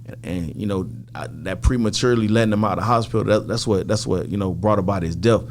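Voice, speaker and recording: A man's voice: fairly low pitch, fast talker, a little hiss or hum. A middle-aged man as a podcast guest, telling a story in casual talk and acting out what others said, with plenty of swearing. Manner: animated retelling, acts out quoted dialogue, heavy swearing.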